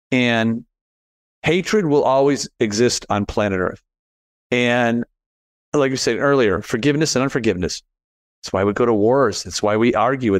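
A man hosting a casual conversation, telling personal stories with animated quoted dialogue. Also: dry recording. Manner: animated storyteller, rises in pitch acting out quotes.

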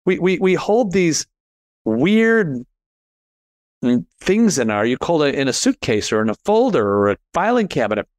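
Animated storytelling man, dry sound. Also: normal speed, dry recording. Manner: animated storyteller, rises in pitch acting out quotes. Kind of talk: casual conversational storytelling.

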